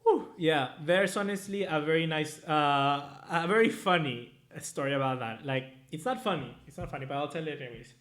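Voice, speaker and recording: A man's voice: a little high, moderate pace, few pauses, fairly bright tone. A young man in his twenties from America, casually hosting a live-stream match review and reading viewer chats. His talk rambles and he swears freely. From Latin America. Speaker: host.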